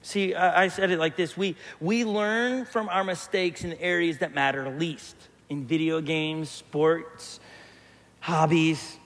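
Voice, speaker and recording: A man's voice: a little high, steady tone, a little slow, fairly bright tone, long reverb tail. A man preaching a sermon as a pastor, joking and telling stories while acting out the voices of people he quotes. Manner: humorous storytelling, quoting others in voices. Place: church hall.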